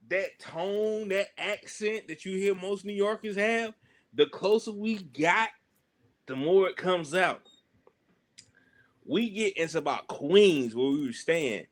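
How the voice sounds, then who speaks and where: A young man with a Southern US accent, telling animated stories on a podcast and acting out the voices of people he quotes. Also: sits high. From Southern United States. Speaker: podcast guest. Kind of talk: casual storytelling.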